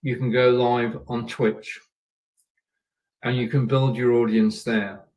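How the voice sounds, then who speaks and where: A man's voice: mid-range voice, flat delivery, slow, darkish tone, far from the mic, rough recording. A man hosting a live show and giving coaching tips in a chatty way. He often repeats his points and checks in with his viewers. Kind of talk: coaching talk on a live stream. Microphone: camera and microphone.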